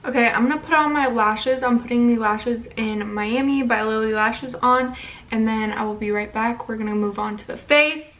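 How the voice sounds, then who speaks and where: A woman's voice: on the high side, moderate pace, a bit bright, recorded from a distance, dull audio, slight background noise. A young woman, pregnant, talking casually through a makeup tutorial and a rant, blunt and profane. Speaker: beauty vlogger.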